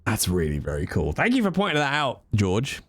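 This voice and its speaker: A man giving chatty, animated commentary while live streaming a video game. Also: on the low side, a little fast. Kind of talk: casual gameplay commentary.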